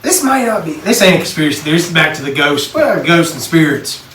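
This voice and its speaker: A man from Texas, co-hosting a casual podcast chat and telling animated stories. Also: a little high, fast talker. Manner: storytelling, animated. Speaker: podcast co-host. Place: basement. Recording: echoey room, mic at a distance, faint noise.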